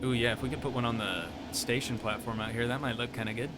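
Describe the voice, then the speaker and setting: A man's voice: mid-range voice, quick pace, very noisy. A man streaming a park-building game, chatting casually and rambling along while tired at the end of a long stream. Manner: relaxed, rambling, self-amused.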